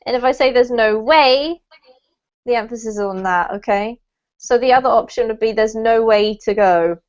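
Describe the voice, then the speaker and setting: A woman's voice: a little high, brisk, darkish tone. A woman teaching English pronunciation in an online class, patient and encouraging, explaining sounds with careful emphasis. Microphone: video call. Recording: dull lo-fi video call audio.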